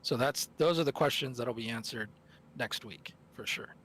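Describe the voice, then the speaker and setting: A man's voice: mid-range voice, moderate pace, fairly bright tone, slight background noise. A man commentating a live esports tournament stream, analysing teams in a rambling, self-correcting way.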